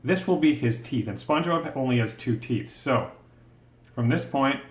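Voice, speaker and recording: Here a man teaches drawing one step at a time, his mid-range voice expressive and his pace moderate. Patient and supportive, he talks through each line as he puts it down, reasoning aloud as he goes. The recording carries a roomy echo.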